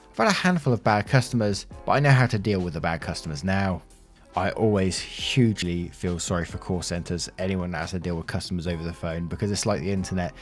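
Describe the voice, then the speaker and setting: A man narrating online stories aloud, with casual asides of his own between them. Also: on the low side. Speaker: story narrator. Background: faint background music.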